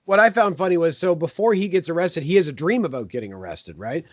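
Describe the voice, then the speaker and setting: An enthusiastic, joking man with a slightly high voice chats casually as a podcast guest. His voice comes through dry and muffled, with a lo-fi dullness. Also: animated, fast, no echo. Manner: jokey, enthusiastic. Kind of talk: casual chat. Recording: dull lo-fi, dry sound.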